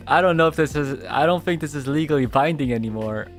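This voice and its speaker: A man's voice: a little high, fast talker, hardly any pauses, faint music behind. A man streaming casually, talking playfully in a rambling way, full of fillers and restarts. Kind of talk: casual livestream chat.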